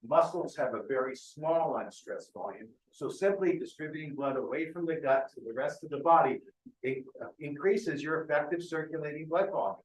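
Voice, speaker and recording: In an echoey lecture hall, a man with a fairly high voice delivers a keynote medical lecture at a normal speed. He explains things step by step and often checks that the audience is following.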